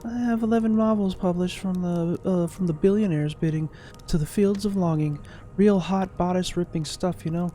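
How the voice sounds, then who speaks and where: A man's voice: high voice, normal speed, dark tone, a little hiss or hum, voice pushed up, natural voice. A man voicing a wistful middle-aged woman, a former romance novelist, in a dreamy, rambling, self-mocking way.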